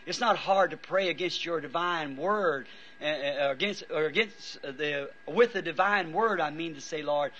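A weary middle-aged man leading an earnest, pleading prayer and altar call from a church pulpit, with halting restarts. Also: a little high, fairly bright tone. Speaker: preacher. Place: church before a congregation. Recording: dull old sermon tape with faint hiss.

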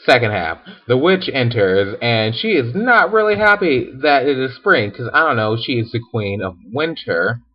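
A man's voice: medium pitch, big pitch swings, normal speed, hardly any pauses. A tipsy man casually retelling a story with sarcastic, profane asides and giggles, in a hotel room. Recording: dull lo-fi recording.

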